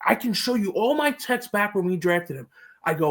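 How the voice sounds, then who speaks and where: A podcast co-host, a man, in full rant mode, swearing hard and hammering his points. His voice jumps up and down in pitch as he gets worked up, and he talks in loose, casual banter. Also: sing-song, normal speed, fairly bright tone. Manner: ranting, profane, emphatic.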